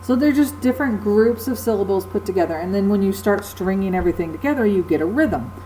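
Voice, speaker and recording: A woman's voice: mid-range voice, lively intonation, fast, dark tone, a little hiss or hum, rough recording. A woman teacher giving a recorded lecture, explaining patiently with frequent ums and uhs.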